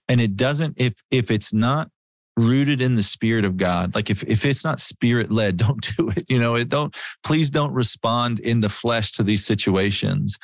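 A man's voice: medium pitch, dry recording, clean studio sound. A middle-aged man giving an earnest, conversational sermon, telling stories and repeating key words for emphasis. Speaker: Christian speaker. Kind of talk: conversational preaching with storytelling.

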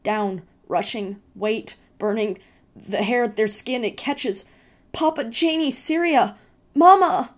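A woman voicing a strange, fevered boy who speaks in halting, broken words. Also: medium pitch, a little mellow, pitched above the performer's own voice, lightly acted. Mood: panicked.

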